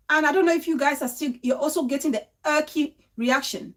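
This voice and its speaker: High-voiced woman laughing through commentary. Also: brisk. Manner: animated, laughs often. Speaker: host. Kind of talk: casual commentary on a clip.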